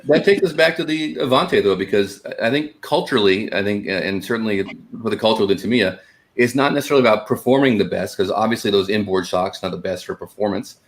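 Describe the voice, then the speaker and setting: A man co-hosting a casual podcast about hobby cars, rambling and correcting himself as he goes. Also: on the low side. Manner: talks fast, with restarts and asides. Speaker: podcast co-host. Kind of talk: casual chat.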